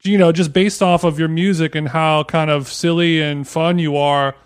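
Male podcast host, slightly high voice, relaxed and loose questioning. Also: moderate pace, clean tone. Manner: easygoing, asks long looping questions. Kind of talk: casual interview chat.

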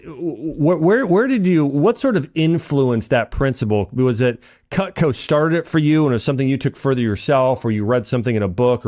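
A man hosting a podcast interview who speaks haltingly, with many restarts while he forms his thoughts. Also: mid-range voice, darkish tone. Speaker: podcast host. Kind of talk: interview conversation.

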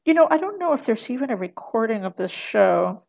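A middle-aged woman speaks as a podcast guest, her voice strongly gravelly with plenty of vocal fry and sitting slightly high. She rambles, restarts her sentences and laughs often. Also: very animated, fairly quick, darkish tone. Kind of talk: casual podcast conversation.

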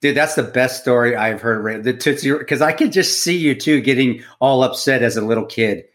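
Profane excitable veteran man. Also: mid-range voice. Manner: profane, excitable, quick to laugh. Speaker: podcast co-host, Ranger veteran. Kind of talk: casual podcast banter.

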